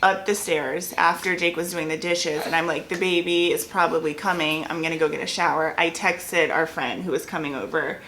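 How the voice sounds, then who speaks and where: A woman's voice: low voice, steady tone, moderate pace, hardly any pauses, fairly bright tone, a little hiss or hum. Wry woman telling a birth story. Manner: laughing, wry, teasing her husband. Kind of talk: casual storytelling chat.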